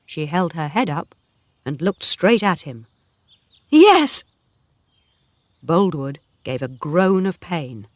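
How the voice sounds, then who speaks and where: Slow, careful woman storyteller. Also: sits low, no room sound, clean studio sound. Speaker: narrator. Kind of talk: graded reader story narration.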